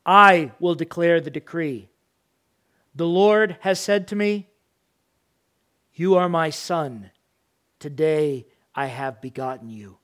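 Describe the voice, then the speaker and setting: A middle-aged man preaching a sermon, animated, acting out parents and children in raised voices. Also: a little high, slow, pauses often. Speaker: pastor.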